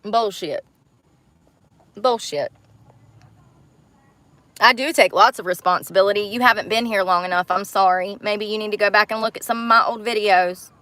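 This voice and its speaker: A woman rants to her livestream viewers in a blunt, heated, profane way. Her voice sits at a middle pitch, and the sound is dry and close, with no room echo. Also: steady tone, quick pace, hardly any pauses, pushed and bright. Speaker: livestream host. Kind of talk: angry livestream rant.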